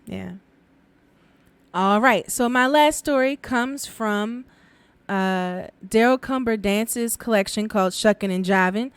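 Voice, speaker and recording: A woman's voice: on the high side, slow pace, clear, resonant tone, no room sound. A woman hosting a podcast, telling folk tales in a casual, chatty way and laughing often. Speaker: podcast host and storyteller.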